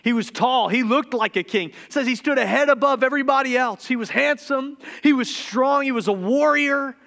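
Bright-voiced pastor preaching with humor. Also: male voice, extremely high pitch, normal speed. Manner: humorous, confessional storytelling that turns quiet and tender. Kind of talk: sermon.

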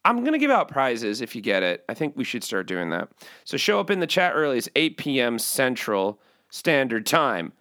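Rambling joking man, lively pitch. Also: normal speed. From Chicago. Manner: joking, self-interrupting, trails off. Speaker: host. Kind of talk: rambling casual monologue.

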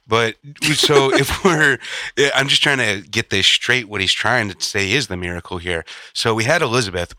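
A man's voice: fairly low pitch, moderate pace, bright, forceful tone, dry recording. A man in a casual comedic chat, rambling crude jokes and explanations.

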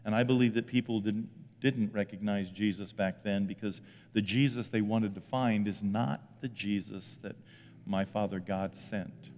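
A man preaching a sermon as pastor, animated, swinging loud and high for emphasis, then dropping low and quiet. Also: normal speed, in a large hall. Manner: animated, jumps in pitch and volume for emphasis.

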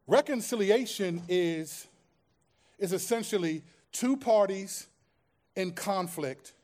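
A man preaching a sermon as pastor, swinging from hushed, quiet stretches to loud, impassioned peaks and repeating phrases for emphasis. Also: high voice.

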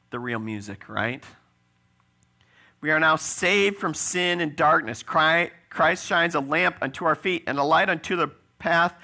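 Preaching with a fairly high, bright voice that is forceful and shows vocal fry, a pastor keeps his sermon conversational. He regularly checks in with his congregation, tossing in "right?" along the way.

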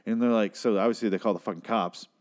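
A man giving a crude, sarcastic recap of a TV episode, tossing in quick asides. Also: fairly low pitch, fairly even intonation. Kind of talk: casual profane TV recap.

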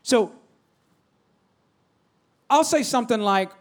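A man with a high, bright voice preaches with lots of energy. He swings from loud calls to soft near-whispers, constantly prompting his listeners to answer. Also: lively intonation, a little fast. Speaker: pastor. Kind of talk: sermon.

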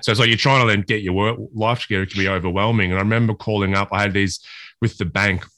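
A man's voice: lowish voice, steady tone, quick pace, bright, forceful tone, no room sound. A man in casual podcast chat, candid and sweary, telling stories about his recovery.

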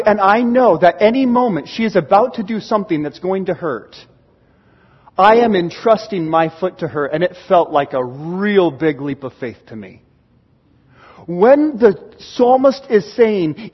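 A man with a high, somewhat husky voice preaches a storytelling sermon, acting out his exclamations with animation. He is recorded in a church sanctuary, and the sound is dull and lo-fi with a long hall reverb trailing each phrase. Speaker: pastor.

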